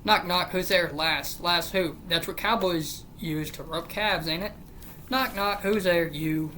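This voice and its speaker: A host reading jokes aloud in a flat, deadpan back-and-forth, one after another. They drop tired, sarcastic remarks between the punchlines. The pitch sits in a middling range, with a faint hum underneath. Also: a little slow. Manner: deadpan question-and-answer joke reading with weary, sarcastic asides. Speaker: channel host. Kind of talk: reading a joke book aloud, casual.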